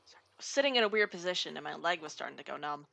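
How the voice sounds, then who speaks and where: A woman's voice: deep voice, expressive, rapid-fire, creaky, bright, forceful tone, no room sound. A woman hosting a casual voice chat on her gaming stream, teasing her friends and swearing freely.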